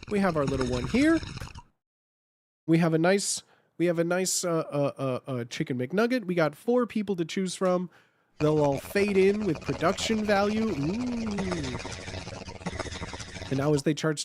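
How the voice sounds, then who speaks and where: A man's voice: high-pitched, darkish tone, slight background noise. A man chatting casually on a live stream while he edits slides, thinking aloud and repeating his phrases.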